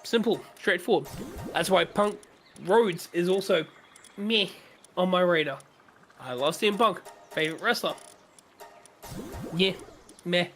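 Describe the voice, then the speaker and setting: A man's voice: high-pitched, unhurried, long pauses, a bit bright, faint music behind. A man chatting on a gaming stream, ranting with strong opinions and frequent swearing. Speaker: streamer co-host. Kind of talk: casual chat during a gaming stream.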